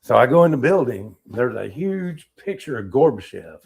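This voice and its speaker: A middle-aged man, an Army veteran, telling war-era stories in a casual interview, animated and acting out what people said. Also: medium pitch, moderate pace, gravelly, slightly rough. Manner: animated storyteller, acts out quotes, laughs.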